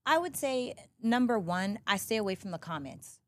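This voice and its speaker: A woman guest on a podcast, talking candidly in animated, emphatic bursts with frequent restarts. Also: mid-range voice, moderate pace, no room sound. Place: podcast studio. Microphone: studio podcast mic. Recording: dry close studio sound.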